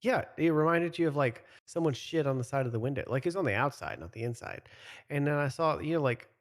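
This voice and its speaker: A man's voice: a little high, expressive, fast. A man co-hosting a gaming podcast, telling a story in a rambling casual way full of fillers. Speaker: podcast co-host.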